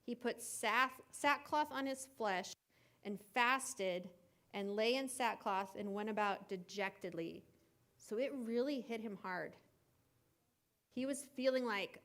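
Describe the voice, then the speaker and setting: A woman with a somewhat high voice leads a children's camp gathering. She retells a Bible story in a loose, chatty way. She fills it with asides and casual filler words. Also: unhurried, a bit bright. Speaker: kids camp Bible teacher.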